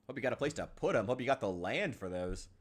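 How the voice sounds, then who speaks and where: A man's voice: medium pitch, expressive, quick pace, breathy edge. A man from Illinois chatting casually while streaming a game, ranting in frustration, swearing and sighing often. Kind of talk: casual live-stream chat while gaming.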